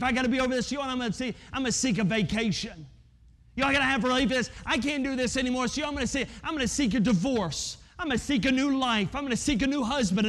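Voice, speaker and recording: A preacher with a notably high voice delivers a sermon in a chatty, direct way. He plays out the complaints of imagined listeners, then sinks into hushed, intense stretches to drive a point home. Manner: conversational preaching, acts out imagined listeners, drops to soft intense tones. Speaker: pastor.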